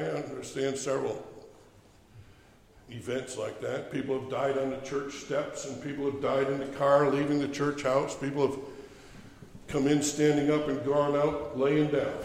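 A man preaching a sermon, emphatic and building to fervent shouts. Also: mid-range voice, unhurried, vocal fry, roomy sound, big-room sound.

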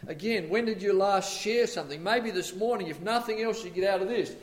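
Male pastor with a high voice, preaches with rhetorical questions, loud then hushed. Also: fairly quick. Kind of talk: sermon.

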